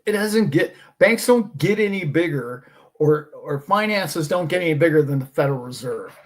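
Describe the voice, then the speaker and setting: A man's voice: a little high, animated, moderate pace. A man hosting a casual monologue, talking in an emphatic, preachy way and mocking his doubters. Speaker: host.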